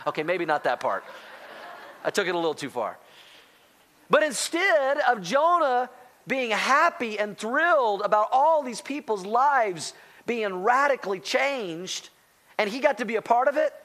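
A man preaching a sermon as pastor, animated, talking straight to the congregation and calling out to them. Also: high voice, moderate pace. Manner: animated, rising to near-shouting excitement; addresses congregation directly as church.

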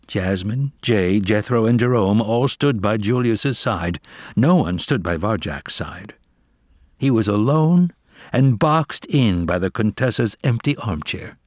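A man narrates a storybook slowly and deliberately, lower-pitched, with a lively, rising and falling delivery. The recording is dry and close, with no room sound. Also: dry recording. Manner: expressive, measured storytelling. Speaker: audiobook reader. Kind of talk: scripted narration.

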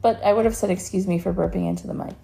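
A woman co-hosting a podcast in casual chat, playful and quick to laugh, with dry comebacks. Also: mid-range voice, fairly even intonation, gravelly, dark tone, soft background music. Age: adult, older than co-host. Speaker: podcast co-host.

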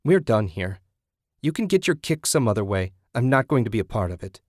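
A man voicing a frightened young wife who shouts defiantly at her captor in an audiobook. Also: on the low side, very animated, fairly quick, dry recording, studio quality. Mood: frantic. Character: terrified young wife fighting back.

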